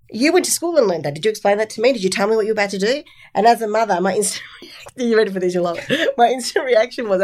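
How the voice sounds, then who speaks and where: An Australian woman talks as an interview guest in a mid-range voice. She tells her stories in an animated, chatty way, often breaking into laughter. Her tone is casual and open. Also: mid-range voice. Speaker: magazine publisher, guest.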